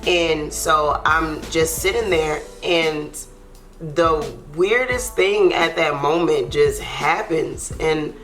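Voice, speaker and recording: A woman's voice: deep voice, takes it slowly, fairly bright tone, soft background music. A young adult woman telling a heartfelt personal story as a YouTube co-host, earnest and loose with fillers. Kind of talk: emotional storytime.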